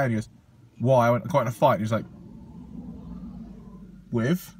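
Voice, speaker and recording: A man's voice: fairly high pitch, quick pace, long pauses, husky, no room sound. Young man telling a story. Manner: animated anecdote, acts out quotes, swears freely. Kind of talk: casual podcast chat.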